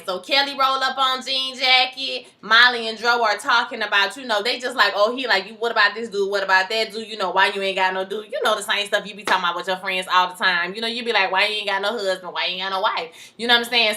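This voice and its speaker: Chatty, bright-voiced woman recapping a show. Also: mid-range voice. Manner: chatty, animated, acts out the characters' lines. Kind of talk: casual recap chat.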